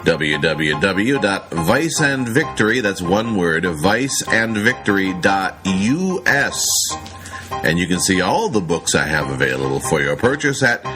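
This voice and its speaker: A man's voice: sits low, sing-song, unhurried, rough recording. A man reading a scripted book promotion in a dramatic, insinuating way. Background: music.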